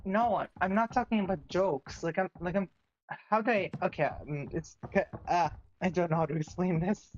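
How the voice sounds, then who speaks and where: A woman's voice: lowish voice, normal speed, darkish tone, highs cut off, slight background noise. A woman chatting casually on a game stream, rambling with lots of restarts and giggles. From another country. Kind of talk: casual chat.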